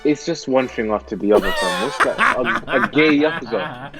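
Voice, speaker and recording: A man's voice: medium pitch, expressive, normal speed, loud music behind the voice. A man bantering on a comedy podcast, incredulous and slangy, repeating his lines for laughs. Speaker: podcast co-host.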